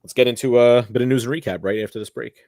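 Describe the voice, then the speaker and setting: A man's voice: medium pitch, steady tone, rapid-fire, warm tone, no echo. Easygoing man on a dry mic. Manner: easygoing, steers the segments. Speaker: podcast co-host. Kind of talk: casual chat.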